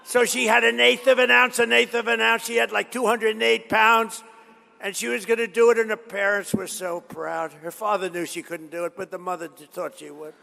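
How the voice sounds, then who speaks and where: A man's voice: sits high, little pitch movement, brisk, gravelly, sharp tone. A man giving a rambling, boastful political rally speech, repeating himself and drifting into stories. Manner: boastful, repetitive, digressive storytelling. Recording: reverberant hall.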